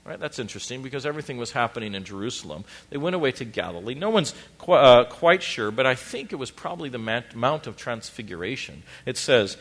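A man's voice: mid-range voice, animated, fast, hardly any pauses. A middle-aged man preaching a sermon as pastor, emphatic and building in intensity.

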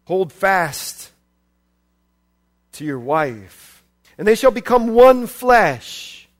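High-voiced, animated American preacher. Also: male voice, very slow. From United States. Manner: animated, swings from quiet asides to loud shouts. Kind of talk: sermon.

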